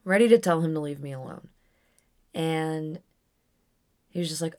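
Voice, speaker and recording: A woman's voice: sits low, moderate pace, pauses often, a little mellow. A young adult woman telling a personal story on her podcast in a candid, rambling way with frequent restarts. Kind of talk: casual storytelling monologue.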